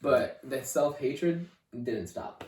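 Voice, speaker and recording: A young man tells his faith testimony in a halting way, repeating words and leaning on "like". His voice sits in a middling register. The sound is echoey and he is set back from the mic. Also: mid-range voice, a little mellow, recorded from a distance, slight background noise. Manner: halting, repeats words, leans on "like" and "you know". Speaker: podcast guest. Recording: roomy room, voice off-mic.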